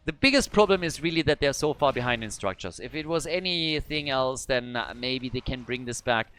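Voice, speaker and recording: A man casting a live esports match, calm analysis broken by sudden bursts of hype. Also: mid-range voice, a little fast, hardly any pauses, clean tone. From Germany. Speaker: esports caster. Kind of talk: live esports play-by-play commentary.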